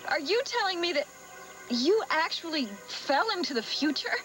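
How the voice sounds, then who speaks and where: A woman's voice: extremely high pitch, lively intonation, normal speed, fairly bright tone. An actress playing a sensible, skeptical but kind young woman in a 1980s TV soap. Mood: reasoning. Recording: TV soundtrack with music underneath.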